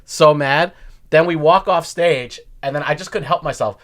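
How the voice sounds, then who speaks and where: A man's voice: a little high, normal speed. A man co-hosting a comedy podcast, casually telling stories and acting out the people in them. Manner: animated storyteller, acts out quotes. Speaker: podcast co-host, stand-up comedian. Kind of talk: casual chat.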